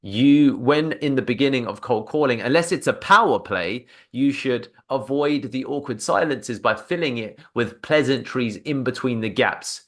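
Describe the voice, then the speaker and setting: A man's voice: medium pitch, expressive, normal speed, few pauses. A man teaching cold-calling technique with energy, breaking off to act out sample phone phrases. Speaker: sales coach. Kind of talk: instructional talk to camera.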